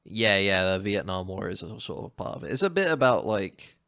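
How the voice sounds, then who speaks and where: A man chats casually on a podcast, rambling through a story with many restarts. His voice sits low and sounds gravelly. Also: very animated, brisk, sharp tone. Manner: rambling, restarts and laughs a lot. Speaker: podcast co-host. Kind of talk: casual chat.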